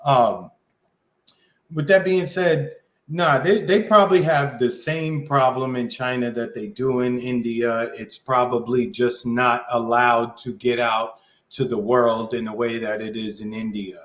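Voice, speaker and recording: A man's voice: medium pitch, steady tone, unhurried, fairly bright tone. A man co-hosting a podcast in slangy, playful casual chat. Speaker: podcast co-host. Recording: echoey room.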